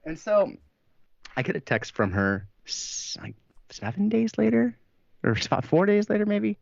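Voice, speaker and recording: Spinning a long yarn on a podcast he co-hosts, this man curses liberally, laughs a lot, and performs the quotes. His voice sits high and gravelly, with big pitch swings and a normal speed. The recording is dry and echo-free, with a slightly dull mic.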